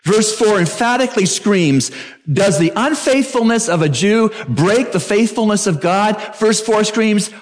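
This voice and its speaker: Male pastor, middle-aged, fairly high-pitched, preaching emphatically with sharp rising exclamations. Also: expressive, measured pace. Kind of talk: sermon.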